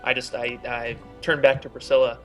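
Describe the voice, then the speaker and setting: Hesitant male player, mid-pitched. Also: flat delivery, brisk, music in the background. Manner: hesitant, many fillers. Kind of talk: casual chat during a tabletop game.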